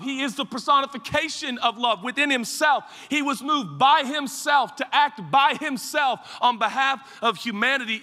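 A male pastor delivers a sermon in a very high, piercingly bright voice. He swings between shouted peaks and quiet, low asides. The sound rings with a long reverb from a large hall. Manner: dynamic preaching, swings from shouts to hushed tones.

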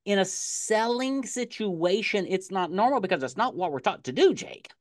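A middle-aged man hosting a sales podcast interview in a casual, excitable way, often repeating words as he gets going. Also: sits high, normal speed, no echo, clean studio sound. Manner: animated, laughs easily, repeats words when excited. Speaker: podcast host.

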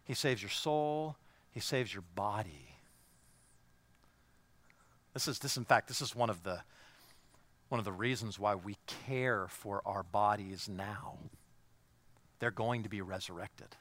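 A man preaching a sermon to a congregation, asking them direct questions and swinging between hushed, near-whispered intimacy and raised, emphatic declarations. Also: on the low side, unhurried, long pauses. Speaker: pastor.

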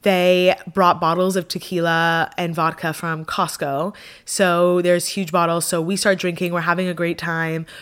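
A woman casually telling a personal travel story to camera, chatty and animated, with many fillers. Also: lowish voice, unhurried, clean tone. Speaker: vlogger.

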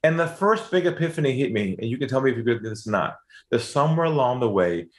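A man telling a sales story in conversation, lively and animated, acting out the other voices he quotes. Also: quick pace. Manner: lively, acts out quoted voices, rises in pitch when excited.

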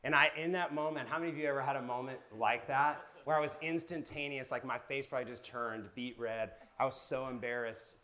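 A man preaching and teaching to a live group, energetic, asking the room questions and telling personal stories. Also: mid-range voice, fairly quick, few pauses. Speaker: pastor teaching a class.

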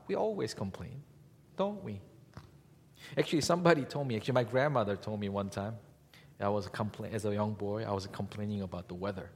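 Husky-voiced male pastor preaching in a reverberant hall. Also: on the low side, normal speed. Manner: animated preaching with rhetorical questions to the congregation. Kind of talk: sermon.

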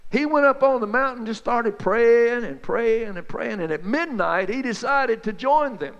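A man telling Bible stories as a folksy, excited back-and-forth chat between two friends. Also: very high-pitched, normal speed, in a large hall, dull audio. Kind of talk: two-voice dramatized Bible storytelling.

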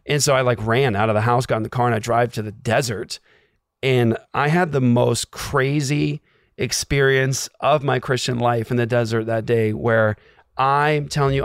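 Here a male guest with a medium pitch recounts something personal in a casual storytelling style, sincere and emotional, his speech full of "like"s. There's no room sound, just clean studio audio.

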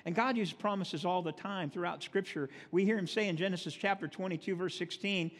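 A man preaching a sermon as pastor. He reads scripture slowly and then talks in a plain, folksy way between the verses. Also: high-pitched. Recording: long reverb of a large hall.

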